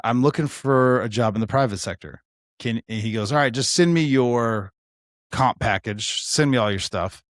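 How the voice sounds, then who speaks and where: Animated, profane man in his forties. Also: mid-range voice, no room sound, clean studio sound. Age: 40s. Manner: animated storyteller, acts out quoted dialogue, swears freely. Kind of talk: casual chat.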